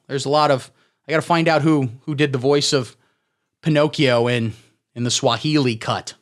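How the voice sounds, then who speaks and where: A young man hosting a satirical solo comedy show, talking in a crude, sarcastic, deadpan way. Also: medium pitch, a little fast. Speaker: podcast host.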